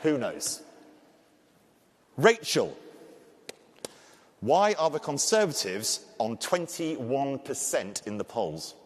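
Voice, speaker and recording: Scouse guy hosting a conference panel, bouncy pitch, echoey big hall. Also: takes it slowly, pauses often. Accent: Liverpool (Scouse). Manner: jokey, lively, self-deprecating. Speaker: panel moderator. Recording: long hall reverb.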